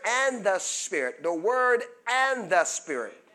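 A man preaching a sermon as pastor, drawing call-and-response answers from the congregation and building to fervent shouts. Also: high voice, sing-song, slow pace.

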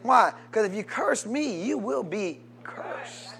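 A man preaching a sermon, reading scripture and rising into shouted call-and-response with the congregation. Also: high-pitched, lively intonation, slow, creaky, a crowd in the background.

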